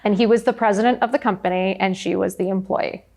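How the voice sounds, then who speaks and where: A middle-aged woman talking frankly as a podcast guest, telling her story with lively acted-out quotes. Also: medium pitch, fast talker, vocal fry. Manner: frank, animated storytelling, often acts out quotes. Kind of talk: candid interview conversation.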